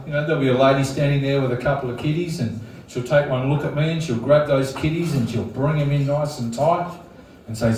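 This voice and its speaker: A man's voice: fairly high pitch, darkish tone. Australian male stand-up, swaggering bikie act, recorded far off with lots of noise. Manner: crude, swaggering bikie persona. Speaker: stand-up comedian. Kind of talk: stand-up comedy set. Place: comedy club stage with a laughing crowd. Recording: very echoey room, distant, noisy.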